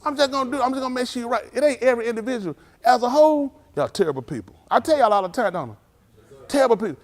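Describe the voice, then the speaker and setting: A middle-aged male pastor, preaching informally and telling lively street stories in which he acts out the voices. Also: extremely high pitch, racing. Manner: animated storytelling, acts out voices, laughs.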